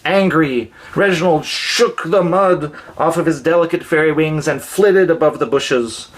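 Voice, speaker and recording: A man reads a children's story aloud, gentle and expressive as he narrates. His voice sits slightly high for a man. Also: a little slow.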